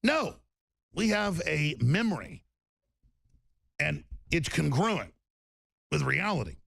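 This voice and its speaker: A man's voice: a little high, sing-song, slow, vocal fry, fairly bright tone, no room sound. A man hosting a political talk radio show, ranting emphatically and restarting his sentences over and over. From Texas.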